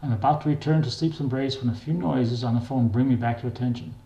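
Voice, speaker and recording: An older man reads his own memoir aloud in a plain, wry, unhurried way. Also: mid-range voice, warm tone. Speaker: memoir reader. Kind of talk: memoir narration. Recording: echoey room.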